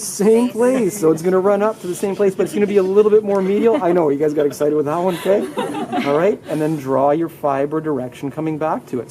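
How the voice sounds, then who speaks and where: A man's voice: a little high, poor audio. A man teaching anatomy in a live classroom lecture, upbeat, leading students through muscle names and asking them to repeat terms aloud. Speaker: anatomy instructor.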